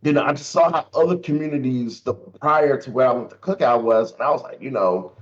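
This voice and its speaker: A man in a casual roundtable chat, reflecting at a measured pace on his time as a streamer. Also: medium pitch. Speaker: streamer guest. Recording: dull lo-fi mic.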